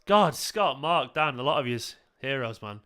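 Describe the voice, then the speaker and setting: Casting note: man, live-stream host, tired but effusive, bright crisp voice, casual swearing. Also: mid-range voice, animated, normal speed. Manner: effusive, swears freely, thanks viewers by name. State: tired and emotional. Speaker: streamer hosting a football watchalong.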